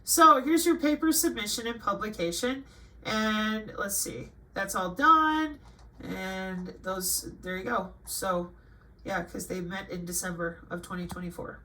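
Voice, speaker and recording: Sharp-voiced woman, reading and scolding. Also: mid-range voice, measured pace, poor audio. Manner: scolding and sarcastic, jumping between flat reading and emphatic outbursts. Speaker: channel host. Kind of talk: reading a list aloud with ranting commentary.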